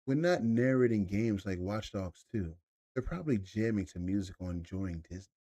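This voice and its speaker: Young guy streaming, kinda low voice, dark tone, cussing and joking around with chat. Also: expressive, normal speed, dry recording. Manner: loose, profane, laughing banter with chat. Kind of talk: casual live-stream chat. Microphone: desk mic.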